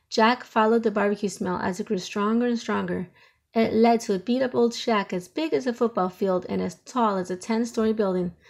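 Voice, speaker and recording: A woman reading a children's picture book aloud with expressive storytelling. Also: a little high, vocal fry. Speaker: storybook reader.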